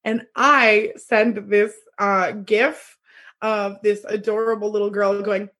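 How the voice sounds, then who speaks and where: A woman's voice: mid-range voice, steady tone, takes it slowly, a bit bright. A young woman co-hosting a podcast, animatedly retelling a dating story with acted quotes and laughter. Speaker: podcast co-host. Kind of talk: casual chat, storytelling.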